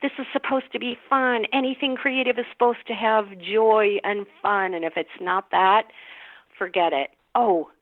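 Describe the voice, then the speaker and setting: A middle-aged actress chatting as a podcast guest, telling stories and laughing often. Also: female voice, mid-range voice, normal speed, no echo. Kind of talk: casual podcast chat. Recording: tinny phone-line sound, dry.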